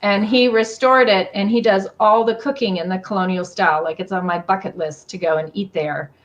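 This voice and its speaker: A woman with an Appalachian accent, a storyteller guest in a casual chat on a video call, talkative and animated. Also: medium pitch, brisk, lo-fi sound. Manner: talkative, animated, many fillers.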